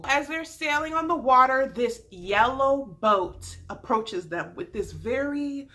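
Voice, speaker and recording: Woman vlogger, fairly high voice, chatty and slangy, recapping a show with frequent laughs. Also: slow, few pauses. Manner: animated and slangy, laughs often. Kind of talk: casual recap chat.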